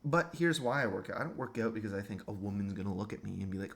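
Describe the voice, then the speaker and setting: A man's voice: fairly low pitch, lively intonation, quick pace, gravelly, hardly any pauses, fairly bright tone. A man delivering a crude, sarcastic monologue rant as a vlogger.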